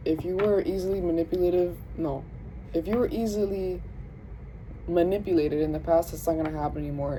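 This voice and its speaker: A woman's voice: lowish voice, mellow, a little hiss or hum, poor audio. A young woman with a Southern US accent giving a casual, chatty tarot reading, speaking to spirit and her viewers in slangy, self-interrupting talk. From Southern United States. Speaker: tarot reader.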